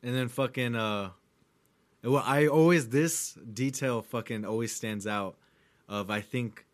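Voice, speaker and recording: A man's voice: medium pitch, measured pace. A man in casual, profane chat, laid-back and reminiscing about a movie.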